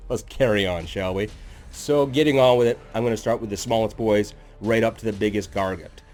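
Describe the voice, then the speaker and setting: A man's voice: on the low side, brisk, darkish tone, faint music behind. A man hosting his own channel, narrating scripted lore in a sardonic, jokey, self-deprecating way.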